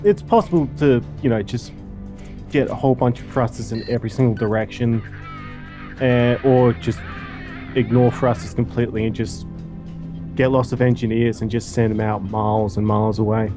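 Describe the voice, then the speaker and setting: A man's voice: mid-range voice, fairly even intonation, normal speed, over music. A man with an Australian accent chatting in a laid-back, easygoing way as a guest on a game stream. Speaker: guest co-player. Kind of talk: casual chat.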